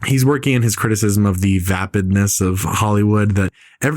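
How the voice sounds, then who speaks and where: A man's voice: on the low side, normal speed, darkish tone, dry recording, studio quality. A man hosting a casual podcast chat, talking at length and rambling with lots of fillers. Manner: talkative, rambling with many fillers. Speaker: podcast host.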